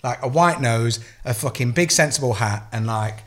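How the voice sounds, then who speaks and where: An English man in his thirties, co-hosting a podcast and telling an animated, profane story in casual chat. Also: mid-range voice, normal speed. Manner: swears a lot, animated storytelling. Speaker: podcast co-host.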